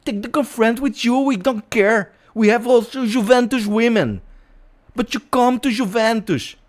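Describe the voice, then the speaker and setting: A man impersonating an eager male club insider who keeps begging a player to sign. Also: normal speed. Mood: pleading. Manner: pleading, repetitive, high-energy sales pitch.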